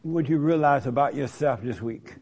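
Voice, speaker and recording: A man's voice: medium pitch, a little mellow. A man leading a church group discussion, upbeat and drawing people in with questions. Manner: upbeat, quick affirming replies. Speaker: group leader.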